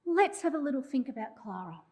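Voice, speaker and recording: A very animated, mellow, high-voiced woman talks a little fast over a rough recording. She is a journalism historian delivering a prepared public oration with wry asides to the crowd.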